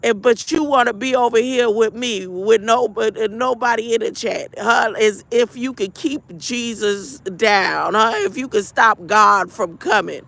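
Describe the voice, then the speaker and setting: A woman on a livestream who rambles and preaches as she answers her chat. Her voice is gravelly and bright, and she takes her time over every phrase. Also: fairly high pitch, measured pace, hardly any pauses. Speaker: livestream host. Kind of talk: livestream chat and spiritual affirmations.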